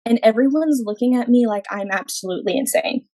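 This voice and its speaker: A woman's voice: on the high side, brisk, warm tone, dry recording, rough recording. A young adult woman, a podcast guest, telling a personal faith testimony in an earnest way, acting out her own quoted words.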